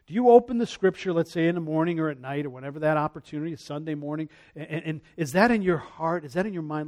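A man preaching a conversational sermon as a pastor, earnest, repeating his phrases and dropping to a hush when he voices prayers. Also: high-pitched, fairly quick.

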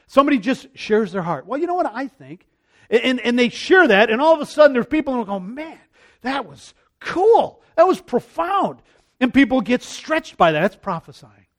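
A man with a notably high voice preaches in a relaxed, conversational way. He is earnest and circles back to the same phrases, and he sinks to a near-whisper when he turns to prayer. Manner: earnest, repeats phrases, drops to a hush for prayers. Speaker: pastor. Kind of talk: conversational sermon.

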